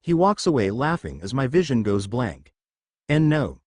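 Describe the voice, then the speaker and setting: A man's voice: mid-range voice, sing-song, moderate pace, darkish tone, husky, no room sound, studio quality. A man narrating a first-person fan fiction story and reading every character's lines in his own voice. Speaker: fanfiction narrator.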